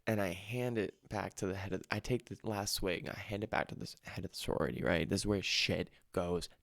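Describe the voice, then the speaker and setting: A man's voice: sits low, steady tone, brisk, gravelly, fairly bright tone, no room sound. A young man hosting a podcast from home, rambling and swearing freely as he tells a comic party story. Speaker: podcast host. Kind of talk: comedic storytelling. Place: home room.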